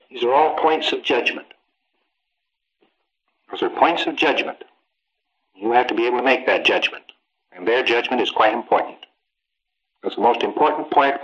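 A man's voice: mid-range voice, a bit bright. A man giving an informal training lecture, emphatic and full of rhetorical questions, acting out little exchanges. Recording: dull lo-fi archival lecture tape.

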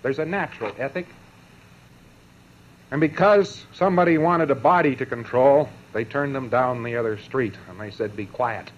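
A man's voice: mid-range voice, a little hiss or hum. Sardonic man lecturing on a dull old tape. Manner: sardonic, mocking asides; emphatic, broken into short phrases with pauses. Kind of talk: lecture to a live audience.

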